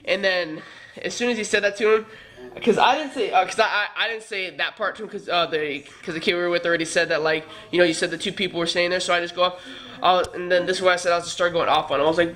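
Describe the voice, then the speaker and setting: Young man, casual vlog, high bright voice, animated, swearing, tired. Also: quick pace. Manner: animated, swearing, reenacts heated arguments. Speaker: vlogger.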